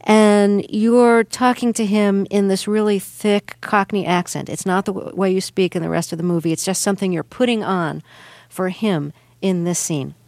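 A woman's voice: medium pitch, steady tone, normal speed, darkish tone, no echo. A woman hosting an interview, asking questions in a curious, conversational way. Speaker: interviewer, host. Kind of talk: radio interview.

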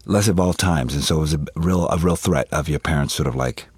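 A man's voice: a bass voice, fast talker, slightly rough, dry recording. A man in his fifties, a guest in an interview, candidly telling family stories and laughing often as he acts out relatives' voices. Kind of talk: candid personal storytelling.

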